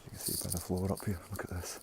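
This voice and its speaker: A man's voice: deep voice, completely flat delivery, quick pace, vocal fry, background noise. A man vlogging a casual walking tour outdoors, slightly out of breath and talking to his viewers. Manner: casual, rambling, talks to viewers as guys. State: a bit out of breath. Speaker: urban explorer vlogger. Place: outdoors at an abandoned brickworks.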